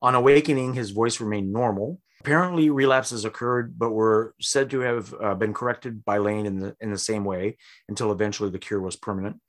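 A man hosting a casual podcast, recounting a history and acting out quoted lines with lively, exaggerated voices. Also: lowish voice, a little fast, few pauses. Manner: animated, acts out quotes with big voices. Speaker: podcast host.

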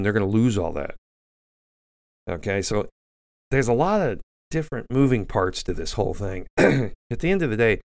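A man with a low voice and a gravelly, fry-heavy edge delivers a blunt, indignant news commentary monologue. He rambles and restarts his sentences often. The sound is dry, with no room around it. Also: dry recording. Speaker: host.

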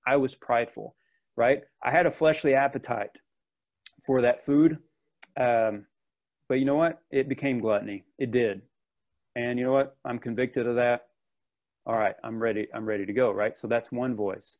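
A man's voice: mid-range voice, steady tone, normal speed, a little mellow. A man preaching a sermon in an earnest, conversational way, with casual asides and restarts.

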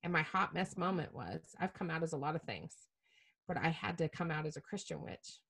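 A middle-aged woman telling a personal story as a podcast guest, animated and self-mocking, swearing casually. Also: low-pitched, brisk, creaky, husky.

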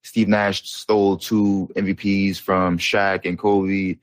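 Deep-voiced young man in loose sports talk. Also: little pitch movement, slow, no echo. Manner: loose, rambling, slangy with frequent fillers. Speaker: podcast co-host. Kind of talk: casual sports chat.

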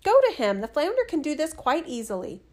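A woman's voice: sits high, very animated, moderate pace. A woman voicing a greedy, demanding fisherman's wife who bosses her husband. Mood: nagging. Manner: bossy and insistent.

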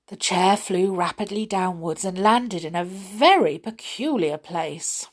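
A woman reading a children's storybook aloud, in a gentle, expressive read-aloud tone. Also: fairly low pitch, unhurried, few pauses, breathy edge.

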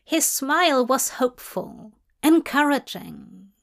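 A woman narrating a fanfic in a slow, measured reading. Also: on the high side, lively intonation. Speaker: fanfic reader. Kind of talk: scripted narration.

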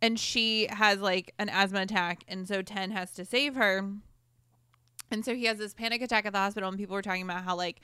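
A young woman co-hosting a casual podcast chat, enthusiastic and quick to agree. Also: mid-range voice, steady tone, bright, forceful tone, smooth, no room sound, studio quality. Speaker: podcast co-host.

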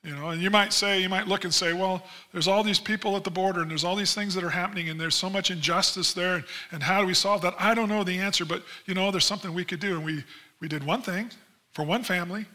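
A man preaching a sermon as pastor, in a conversational style with frequent asides, acting out quoted voices animatedly. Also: quick pace. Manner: animated storytelling, acts out quoted voices with big pitch jumps; conversational, many "you know" asides.

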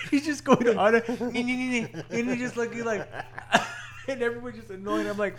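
A man co-hosting a casual podcast chat, excited and swearing often, laughing as he retells scenes. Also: extremely high pitch, measured pace, crowd noise. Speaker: podcast co-host.

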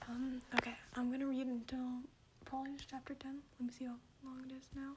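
High-voiced woman reading in a hush. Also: level tone, quick pace, noisy background. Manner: hushed, whispered reading. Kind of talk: soft read-aloud of a story.

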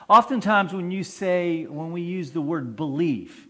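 A man's voice: a little high, measured pace, hardly any pauses, a bit bright. A man, a priest, preaching a conversational sermon and asking his congregation questions.

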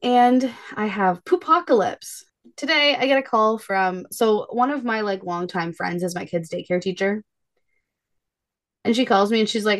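A woman's voice: mid-range voice, normal speed. A woman in her thirties co-hosting a podcast, chatting casually and acting out her kids' voices as she tells stories. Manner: animated storyteller, acts out her kids' voices. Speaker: podcast co-host. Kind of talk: casual chat.

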